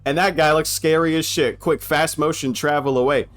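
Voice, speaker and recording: Brief: a man putting on a carefree young traveler, higher than usual, slangy, cussing, laughs things off. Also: steady tone, normal speed, a bit bright, faint music behind, close to an everyday voice. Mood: amused disbelief. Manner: casual, swearing, slangy.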